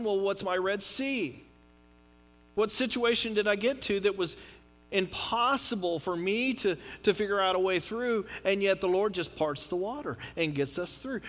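A middle-aged man preaching a sermon in a conversational, joking way, with swings from loud to quiet. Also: sits high. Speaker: pastor.

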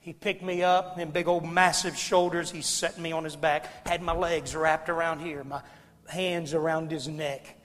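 A middle-aged man preaching, telling a story in a folksy, dramatic way that swings from hushed to loud. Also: on the high side, little pitch movement, unhurried. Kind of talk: sermon storytelling. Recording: long hall reverb, faint music.

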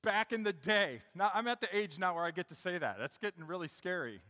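Bright-voiced middle-aged pastor preaching in a hall. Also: male voice, sits high, lively intonation, a little fast. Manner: conversational storytelling, talks directly to the congregation. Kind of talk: sermon. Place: church sanctuary.

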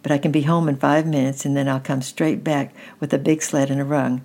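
A woman reading a kind young mountain boy who speaks gently and reassuringly. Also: a bass voice, little pitch movement, a little fast, gravelly, exaggerated voice. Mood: gentle.

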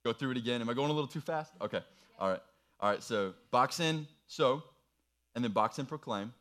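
An earnest man preaches to a young audience in a mid-pitched voice. He walks them through a worksheet with patient, encouraging instructions. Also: fairly quick, a bit bright. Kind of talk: sermon with worksheet activity.

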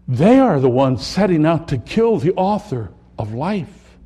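A man preaching a sermon, dramatically swinging between loud, emphatic lines and hushed, low ones. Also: lively intonation, normal speed.

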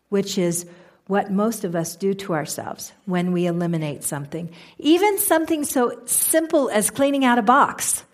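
Expressive woman giving a motivational talk. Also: medium pitch. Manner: expressive, asks the audience questions, acts out inner voices. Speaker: speaker. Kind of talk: motivational talk to a live audience.

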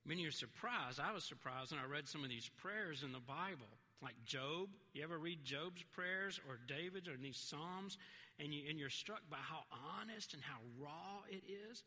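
A man's voice: a little high, normal speed, bright, forceful tone, in a large hall. A man preaching a sermon as a pastor, earnest and conversational, slipping into quoted voices along the way.

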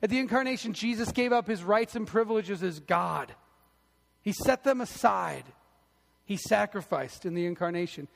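A male pastor preaching a sermon in a church, telling animated stories and delivering lines with emphasis. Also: high-pitched, moderate pace, gravelly, big-room sound. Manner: animated storytelling, emphatic, acts out quotes.

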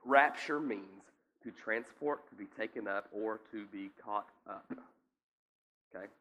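A man preaching a teaching sermon in a conversational way, often checking in with listeners and now and then coughing or clearing his throat. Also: on the low side, steady tone, measured pace, a bit bright. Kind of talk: sermon teaching with scripture reading.

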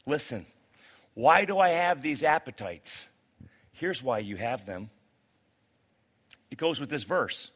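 A male pastor preaches a sermon to a congregation in a church sanctuary. He's animated, swinging from loud outbursts to quiet, pleading asides, in a mid-range voice at a slow pace with frequent pauses.

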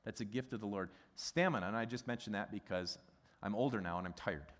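Midwestern pastor, low voice, reverberant hall. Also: male voice, a little fast. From American Midwest. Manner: conversational, animated, asks the congregation questions. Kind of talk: sermon.

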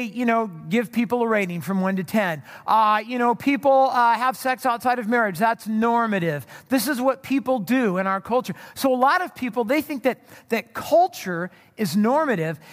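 A man preaching in a hall with a long, ringing reverb. His voice sits very high for a man. He talks in a loose, chatty storytelling way, with plenty of ums and restarts. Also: fairly bright tone. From Southern California. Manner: storytelling, conversational, many fillers and restarts. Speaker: pastor. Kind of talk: sermon.

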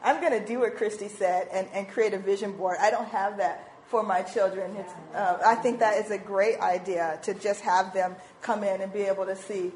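A woman in her forties giving an informal church talk on parenting, animated and acting out little quoted voices. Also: mid-range voice, moderate pace, few pauses, a little hiss or hum, low-quality recording. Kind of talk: informal sermon talk with slides.

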